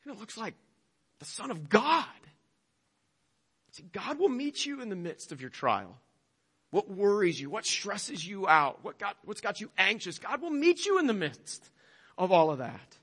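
A man's voice: sits high, wildly swooping pitch, normal speed, fairly bright tone, slightly rough, in a large hall. A male pastor preaching a sermon emphatically, with rhetorical questions.

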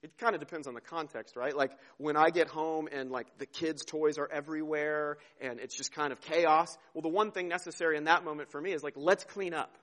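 A man in his thirties preaching a sermon, earnest and conversational, repeating words and dropping to a hush for tender moments. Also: a little high, steady tone, a little fast, hardly any pauses. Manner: earnest, repeats words, swings from emphatic to hushed. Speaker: pastor.

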